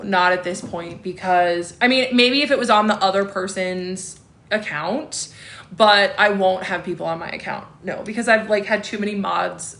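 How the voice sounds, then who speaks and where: This livestream host, a woman in her thirties, speaks in a mid-range, fairly bright voice. Reading comments from viewers out loud, she responds with chatty tangents and laughs often.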